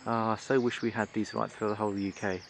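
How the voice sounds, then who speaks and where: A man's voice: lowish voice, flat delivery, quick pace, vocal fry. A man filming outdoors in woodland, giving admiring, gushing commentary from behind the camera. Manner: gushing, admiring, murmured exclamations. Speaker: wildlife videographer.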